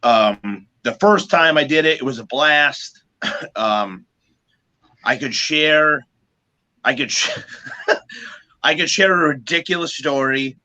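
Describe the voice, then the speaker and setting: A man, a guest musician, telling stories in a casual, animated way, swearing freely and restarting his sentences. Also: fairly high pitch, slow pace, pauses often, low-quality recording. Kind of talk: casual storytelling.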